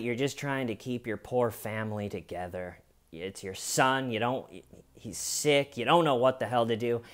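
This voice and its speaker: A man hosting a podcast, telling a true crime story in a deliberate, dramatic way with long pauses. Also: medium pitch. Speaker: podcast host.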